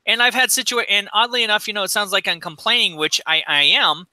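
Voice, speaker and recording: A man's voice: high-pitched, fast talker, sharp tone, no room sound. A middle-aged man in casual chat on a podcast, ranting with a lot of swearing. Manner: profane, ranting. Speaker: podcast co-host. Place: recording studio.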